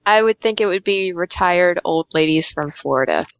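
A woman's voice: lowish voice, animated, normal speed, creaky. A woman co-hosting a casual comedy podcast, giggly and trailing off mid-thought. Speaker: podcast co-host.

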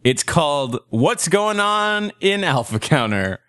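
A man's voice: on the high side, sing-song, slow, a bit bright, smooth, no room sound, studio quality. A man hosting a podcast, joking crudely and laughing through casual comedic banter. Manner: crude, giggly, riffing. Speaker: podcast host.

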